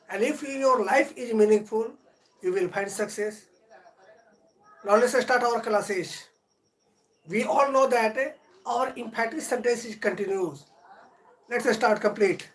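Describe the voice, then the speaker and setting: Slow, deliberate male grammar teacher. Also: very high-pitched, poor audio. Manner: slow, deliberate lecturing with drawn-out words and long pauses; earnest, motivational. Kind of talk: live-streamed grammar lesson.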